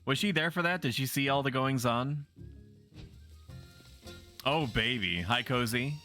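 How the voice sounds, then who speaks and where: A man's voice: mid-range voice, measured pace, pushed and bright, soft background music. A man streaming a game, chatting playfully and bawdily with his viewers in a teasing, casual way. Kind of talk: casual gaming commentary.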